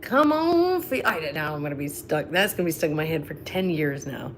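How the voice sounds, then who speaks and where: A woman's voice: sits low, fast, a bit bright, slight background noise. A woman, chatting on a live stream in a rambling, self-mocking way with laughing asides. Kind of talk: rambling casual chat between sung snippets. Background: ukulele strumming.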